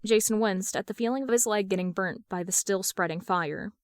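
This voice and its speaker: A woman narrating a fan fiction story aloud in an even, measured reading. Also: mid-range voice, no room sound, clean studio sound. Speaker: podfic reader.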